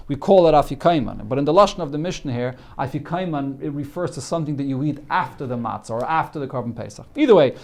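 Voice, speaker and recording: Talmud teacher man, higher-pitched voice. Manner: explains Aramaic text line by line with many fillers. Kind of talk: daily Talmud class.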